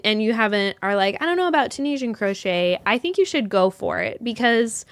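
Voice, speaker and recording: A woman hosting a live yarn show in casual chat, bubbly and quick to laugh at herself, rambling with lots of restarts. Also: mid-range voice, a bit bright, smooth, no echo.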